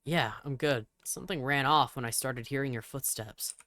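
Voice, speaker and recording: A woman reading the lines of an injured man who calmly guides the player through an escape in a horror game. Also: a bass voice, moderate pace, no echo, clean studio sound. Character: steady injured male companion, urging the player on.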